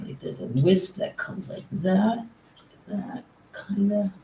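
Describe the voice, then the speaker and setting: A live-stream painter talking casually while working, muttering to themself, repeating words as the brush moves and often dropping to soft whispers. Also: mid-range voice, slow pace, slight background noise. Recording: roomy echo.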